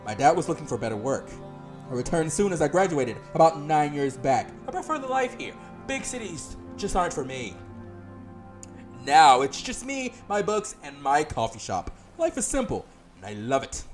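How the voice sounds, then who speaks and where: A fabulous small-town cafe owner, showy and drawn-out, put on by a man reading game dialogue. He talks up loudly with lively swoops of pitch. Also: soft background music. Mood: chatty.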